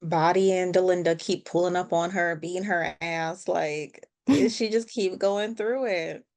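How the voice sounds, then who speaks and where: A woman co-hosting a podcast with a somewhat low-pitched voice. She talks through a TV episode in a relaxed, conversational way, adding her own opinions as she goes. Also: a little slow. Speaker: podcast co-host. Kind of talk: casual recap of a TV episode.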